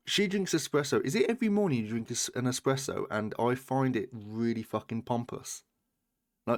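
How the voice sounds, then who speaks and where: A man's voice: medium pitch, normal speed. A British man streaming a game, chatting casually, swearing and bantering with his chat. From Britain.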